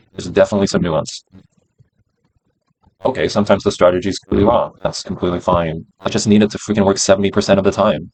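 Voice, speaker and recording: Over poor audio, a low-pitched man talks to himself on a live stream as he makes day trades. He's casual and profane, repeating phrases as he goes.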